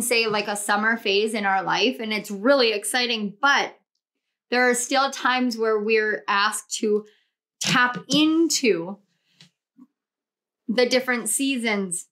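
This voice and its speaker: Woman tarot reader, young adult, pitched a touch high; soothing, rambling guided-imagery delivery. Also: fairly bright tone. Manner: soothing, flowing, repeats and restarts phrases. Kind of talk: guided visualization and tarot reading.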